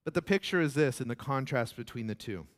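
A man preaching a sermon as pastor, animated and often repeating words. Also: mid-range voice, fairly quick.

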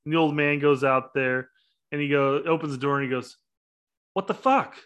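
A man's voice: mid-range voice, little pitch movement, brisk, fairly bright tone, clear, resonant tone. A man co-hosting a soccer podcast, tossing in joking wisecracks during casual chat.

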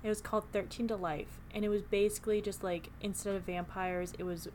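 A woman's voice: medium pitch, little pitch movement, brisk, darkish tone, a little hiss or hum. Playful woman podcast host, mid-range voice. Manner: playful, reads quotes aloud with teasing asides. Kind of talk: casual book-club chat.

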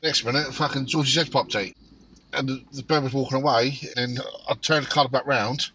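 A man's voice: mid-range voice, steady tone, fairly quick, pushed and bright, a little hiss or hum, poor audio. A man chatting casually and swearing while he tells a birth story, recorded in a parked car. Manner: sweary, laid-back banter. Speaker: podcast co-host. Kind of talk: crude casual chat.

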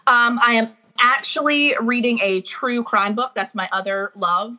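A woman's voice: on the high side, steady tone, unhurried, pushed and bright. A woman who used to be a teacher, a podcast guest chatting casually, self-deprecating and giggly. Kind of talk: casual chat. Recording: dull lo-fi sound.

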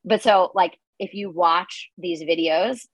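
Guest comedian, woman, casual filler-heavy chat; slight vocal fry, dry close sound. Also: on the low side, slow, no echo, low-quality recording. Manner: chatty, lots of "like" fillers.

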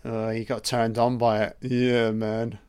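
A man drawls his way through a solo film commentary, deadpan and scornful, with plenty of swearing. His voice is clear and smooth, and he takes his time over each jab. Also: mid-range voice, a little slow. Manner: mocking, profane, deadpan asides.

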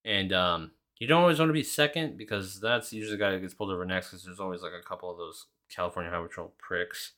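Young male podcast host, low voice with a bright, pushy edge, casual and sweary. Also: fast, hardly any pauses. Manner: rambling, heavy swearing, lots of fillers. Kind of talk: casual solo chat.

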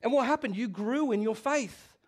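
A middle-aged man preaching a sermon as pastor, animated and conversational, with asides and restarts. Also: very high voice, normal speed.

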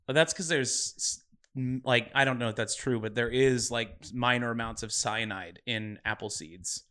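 A man chatting as a podcast guest, rambling and joking at his own expense. His voice is bright and forceful, at a middle pitch for a man. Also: moderate pace. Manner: joking, rambling, self-deprecating. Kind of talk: casual chat.

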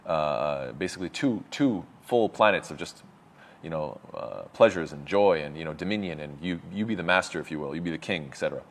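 A man teaching a religious lesson, explaining terms with many fillers and restarts and quick Arabic quotations. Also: sits low. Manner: reads Arabic quotes quickly. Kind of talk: explaining a lecture.

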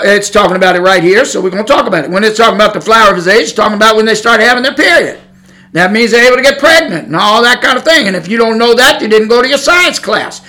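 A middle-aged Pentecostal preacher man delivers a blunt, folksy sermon. His voice sits high and sounds bright and forceful. He talks plainly and keeps pressing his point home.

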